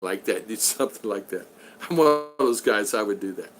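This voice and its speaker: A man's voice: lowish voice, expressive, brisk. Chatty man hosting a live stream. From Florida. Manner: chatty, laughs often, repeats thanks. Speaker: live stream host reading super chats. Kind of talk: casual live stream chat.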